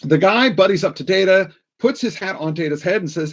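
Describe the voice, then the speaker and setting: A man's voice: high-pitched, lively intonation, fairly quick. A man co-hosting a live watch-along show, wryly recapping the plot.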